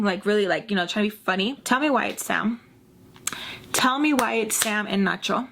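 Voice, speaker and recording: A woman's voice: medium pitch, fairly bright tone, slight background noise. A young woman vlogger casually telling a personal story, filling her talk with "like" and acting out what people said. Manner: chatty, heavy use of "like", acts out quotes in quick bursts.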